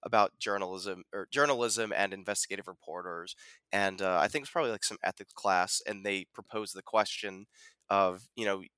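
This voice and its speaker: A man co-hosting a podcast, chatting casually about a film, animated and full of fillers, acting out quotes. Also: low voice, fairly quick, clear, resonant tone, dry recording. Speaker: podcast co-host.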